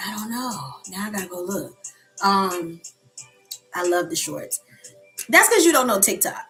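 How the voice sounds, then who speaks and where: A woman hosts a relaxed live coffee chat and talks straight to her viewers. She rambles in a loose, friendly way and answers their comments as they come in. Soft music plays faintly behind her. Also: medium pitch, a little slow, poor audio.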